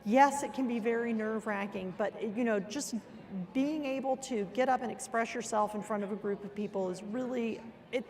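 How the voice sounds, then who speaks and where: Chatty woman, higher voice, lots of fillers. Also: moderate pace, darkish tone, slight background noise. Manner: chatty, many fillers like "you know" and "like". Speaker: panelist, auction association member. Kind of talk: casual panel discussion.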